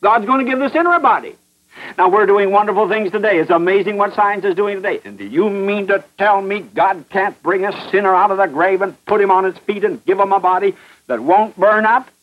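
A man with a high voice preaches with fierce emphasis, driving each point home through repetition and pointed questions. The sound is muffled and dull, like an old radio broadcast. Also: brisk. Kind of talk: fervent radio sermon.

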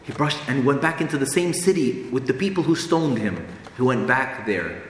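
A man's voice: mid-range voice, expressive, moderate pace, a little hiss or hum. A man preaching a sermon in an earnest, emphatic way, repeating phrases for stress. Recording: echoey hall with long reverb, faint ambience.

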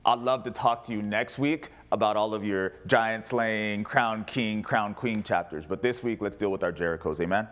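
A man preaching as a pastor, animated, rising to loud cries and dropping to quiet asides. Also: fairly low pitch, moderate pace, few pauses. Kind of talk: sermon.

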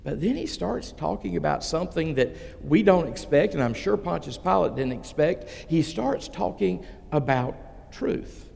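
A man preaching a sermon as pastor, retelling a story slowly and dramatically with voiced quotes. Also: a little high, expressive, gravelly, a little mellow, big-room sound.

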